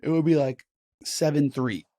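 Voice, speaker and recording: A man co-hosting a casual film-review podcast, giving his opinions haltingly with lots of "like". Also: on the high side, mellow, no echo. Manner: hesitant, full of "like" fillers. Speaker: podcast co-host.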